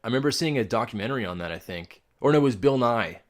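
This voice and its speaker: A man's voice: mid-range voice, animated, fast. A young man co-hosting a podcast, telling rambling stories in casual chat, swearing and laughing often. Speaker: podcast co-host.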